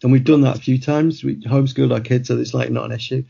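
Gravelly, husky man telling anecdotes. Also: mid-range voice, fairly even intonation, quick pace, mellow. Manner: rambling anecdotal storyteller, laughs mid-sentence. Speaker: guest author. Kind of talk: casual conversation. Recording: muffled lo-fi audio.

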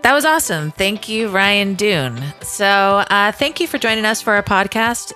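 A woman's voice: mid-range voice, big pitch swings, moderate pace, hardly any pauses, bright, forceful tone, faint music behind. A woman co-hosting a casual podcast, friendly and upbeat as she thanks a guest and reads the sign-off. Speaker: podcast co-host. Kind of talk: casual podcast chat and outro.

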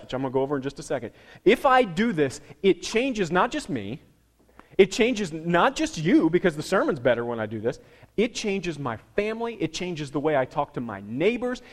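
His voice on the high side, a middle-aged pastor delivers a sermon full of stories, his volume swinging dramatically from loud down to hushed.

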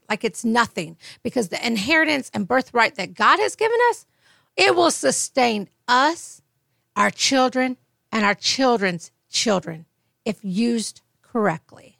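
A woman's voice: a little high, animated, measured pace, vocal fry, fairly bright tone, no room sound, studio quality. A woman co-hosting a faith podcast, telling stories emphatically and laughing often. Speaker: podcast co-host.

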